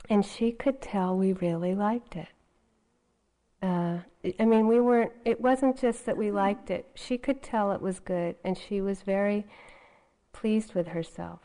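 A woman's voice: mid-range voice, warm tone, low-quality recording. A woman meditation teacher giving a dharma talk in a conversational way, often adding "you know" as she goes.

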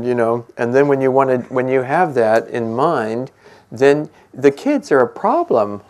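An older man giving a relaxed, musing meditation talk, gentle and quick to laugh. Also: medium pitch. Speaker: meditation teacher.

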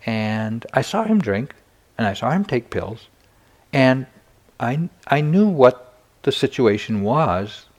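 Older man, meditation teacher, dharma talk, candid storytelling, wry self-deprecating humor, lowish voice. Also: vocal fry, a little mellow.

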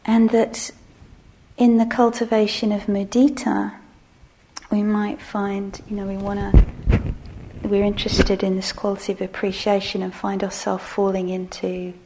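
Woman, middle-aged, meditation teacher, unhurried, creaky voice, soft and self-mocking. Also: medium pitch, flat delivery, a little hiss or hum. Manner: slow, soft-spoken, self-deprecating, often laughing. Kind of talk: relaxed dharma talk.

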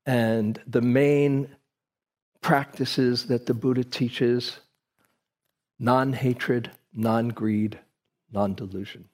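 A man's voice: mid-range voice, darkish tone. A man giving a reflective dharma talk to a group, telling a personal story with frequent restarts.

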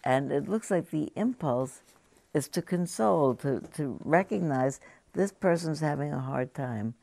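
A woman meditation teacher giving a conversational, halting talk to a group, often turning to ask the audience questions. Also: sits low, expressive, gravelly, warm tone, no room sound. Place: meditation hall.

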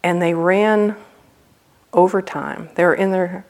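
Gravelly low-voiced woman meditation teacher. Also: steady tone, slow, a little mellow. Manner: humorous, storytelling, loose and conversational. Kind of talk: dharma talk with a personal anecdote. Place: meditation retreat center.

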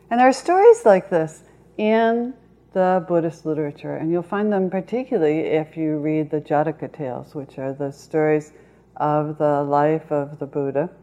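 Low-voiced woman giving a slow dharma talk. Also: warm tone. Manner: slow, measured, with long pauses. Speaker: meditation teacher.

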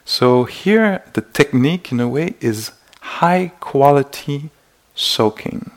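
In a meditation retreat hall, a male meditation teacher gives a dharma talk in a gentle, searching manner. His middling-pitched voice has a gravelly edge and lively intonation, and he often pauses to act out small inner exclamations.

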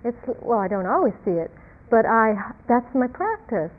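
A woman meditation teacher giving a reflective dharma talk, halting and repeating words, with soft laughs. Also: on the high side, very animated. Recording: tinny phone-like lo-fi sound.

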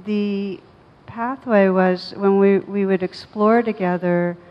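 A woman meditation teacher speaking in a soft, thoughtful, unhurried way during a reflective conversation. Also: medium pitch, fairly even intonation. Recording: dull lo-fi sound with long reverb.

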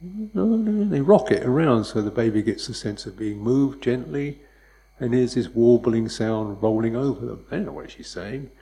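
A man giving a dharma talk as a meditation teacher, speaking softly and unhurriedly, with reflective repetitions. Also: mid-range voice, normal speed, rough recording.

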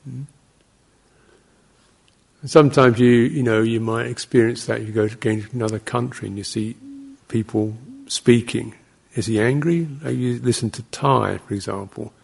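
Gravelly, husky-voiced monk giving a dharma talk. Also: male voice, mid-range voice, steady tone, normal speed. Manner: anecdotal and digressive, with soft laughs and short acted-out exclamations. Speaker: Buddhist monk teaching meditation.

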